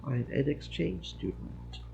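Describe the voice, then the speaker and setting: A man's voice: a little high, slow, vocal fry, background noise, pitched above the performer's own voice, heavily acted. A man playing a nervous young woman student. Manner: flustered, pleading.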